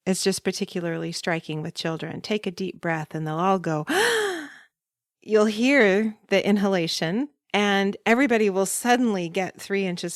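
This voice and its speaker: A woman voice coach explaining breathing in a calm, instructive podcast monologue. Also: lowish voice, no echo, clean studio sound.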